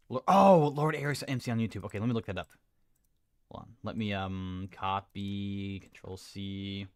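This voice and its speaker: A man streaming, reacting casually to a video he is watching, talking in excitable, rambling bursts. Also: on the low side, clear, resonant tone, no echo, clean studio sound. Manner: excitable, rambling, with many restarts.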